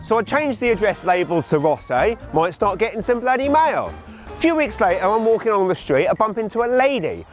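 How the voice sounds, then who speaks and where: Exasperated English comedian, high animated voice. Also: male voice, fairly quick, soft background music. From England. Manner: exasperated, sarcastic storytelling. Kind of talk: comic monologue.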